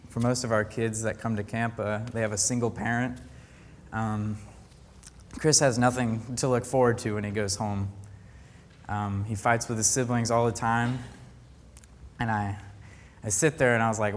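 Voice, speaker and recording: With fairly even intonation and a mid-pitched voice, a young man addresses a group as a camp counselor giving a faith talk. He's sincere yet halting, frequently restarting and groping for words, and a long hall-like reverb surrounds him.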